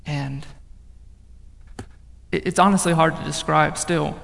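High-voiced young man in an echoing hall. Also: slow pace, vocal fry, pauses often. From northern United States. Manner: animated, swinging from loud outbursts to hushed, low passages. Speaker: speaker giving a testimony. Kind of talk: personal testimony storytelling. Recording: long reverb of a large hall.

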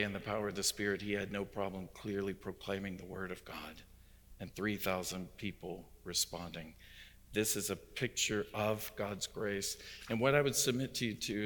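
A man's voice: low voice, a bit bright. A man, a visiting pastor, delivering an emphatic sermon that swells and drops in intensity. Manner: emphatic preaching with rising and falling intensity. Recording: long hall reverb.

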